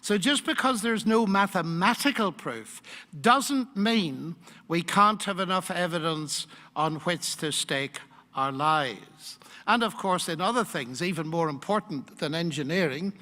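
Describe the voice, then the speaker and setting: An older man giving a public lecture in a university hall, measured and emphatic, posing rhetorical questions. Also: high-pitched, animated, bright, forceful tone. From United Kingdom. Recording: long hall reverb.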